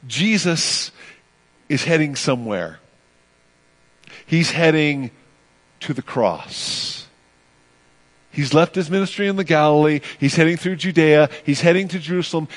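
A man pastor preaching a sermon with emphatic delivery, repeating phrases and swinging between loud and soft passages. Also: fairly high pitch.

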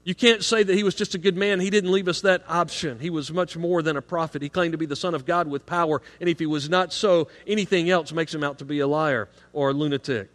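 A middle-aged man preaches in a high, carrying voice, earnest and pressing harder on the points he wants to land. He often doubles a word as he starts a phrase. His voice rings with the long reverb of a church sanctuary. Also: fairly even intonation, fast talker, few pauses, a bit bright. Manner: earnest, rising in emphasis on key points. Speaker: pastor. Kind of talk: sermon.

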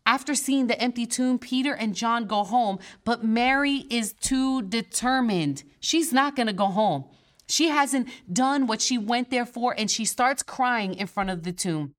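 Woman pastor preaching with playful asides. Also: a little high. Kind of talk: sermon. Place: church.

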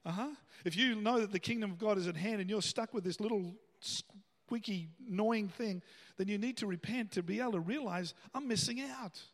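Pastor guy preaching, fairly high voice, chatty then punchy, big echoey hall. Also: a little fast. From Australia. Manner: conversational preaching, rising to emphatic bursts. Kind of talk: sermon.

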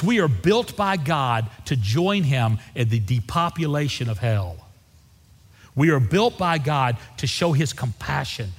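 A middle-aged man preaches from the pulpit, telling homespun stories and then pressing hard to rally his congregation. His voice sits a little high for a man. A long reverb from a large church sanctuary trails after his words. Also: breathy edge. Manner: folksy storyteller building to fervent exhortation. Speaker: pastor. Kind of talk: sermon.

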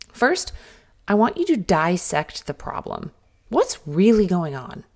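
A middle-aged woman hosts a solo motivational podcast. Her pitch swings widely as she talks to her listeners in a candid, direct, coaching way. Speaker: podcast host.

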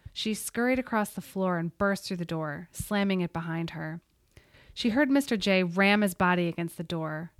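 A woman reading a story aloud in a steady, suspenseful voice. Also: fairly low pitch, dry recording, clean studio sound. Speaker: audiobook narrator. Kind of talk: scripted narration.

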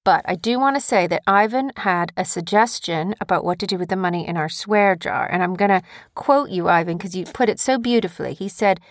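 A mother with a fairly low voice talks briskly and hardly pauses while co-hosting a casual chat with her young son on their podcast. She tells stories animatedly and makes them into lessons, her tone instructive. The clean studio recording carries no room sound.

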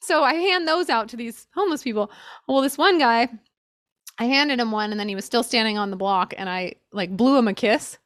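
A woman's voice: fairly high pitch, fairly quick, a bit bright, no room sound, clean studio sound. A woman co-hosting a podcast in casual chat, bubbly and upbeat, laughing easily. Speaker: podcast co-host.

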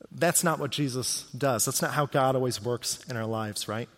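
A man's voice: medium pitch, normal speed, a bit bright, big-room sound. A man preaching a sermon as pastor, talking in a conversational way and often asking his listeners rhetorical questions.

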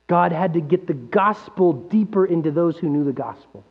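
Man, pastor, sermon, high voice, animated, rhetorical questions, dull lo-fi recording, mains hum. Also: normal speed, breathy edge. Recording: dull lo-fi sound with long hall reverb and mains hum.

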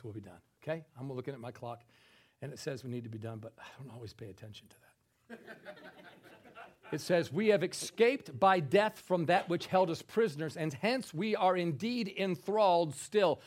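Animated high-voiced male preacher. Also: brisk. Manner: animated, swings from loud exclaiming to hushed soft delivery; folksy joking storyteller. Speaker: pastor. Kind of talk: sermon with storytelling.

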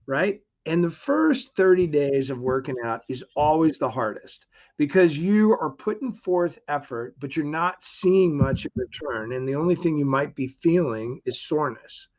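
A man's voice: on the high side, animated, a little slow. Upbeat middle-aged man, muffled audio. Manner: upbeat and motivational, acts out quoted voices. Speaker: guest. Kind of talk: conversational interview.

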